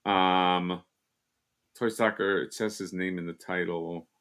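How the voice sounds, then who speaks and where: A man's voice: low-pitched, fairly even intonation, slow pace, a bit bright, clean tone. A man co-hosting a casual live stream, rambling and joking with lots of fillers and restarts. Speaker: co-host.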